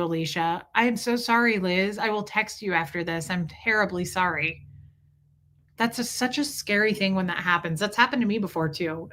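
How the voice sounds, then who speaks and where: Bright, animated woman host chatting. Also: medium pitch. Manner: animated storytelling, laughing, reading out chat. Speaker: livestream host. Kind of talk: casual chat with a live audience.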